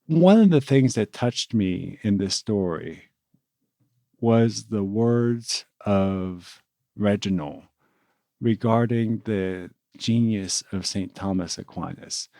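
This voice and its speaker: A man's voice: lowish voice, slow, creaky, warm tone, no echo. A man, a diocesan priest, co-hosting a podcast and reflecting earnestly on a saint, with small restarts. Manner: earnest, reflective, with repeated words. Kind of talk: casual podcast chat.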